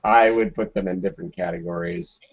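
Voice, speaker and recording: A man joking around on a group video call, jumping in with quick remarks. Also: low voice, fairly even intonation, breathy edge. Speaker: panelist in an online group hangout. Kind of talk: casual crude banter. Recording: lo-fi online call audio.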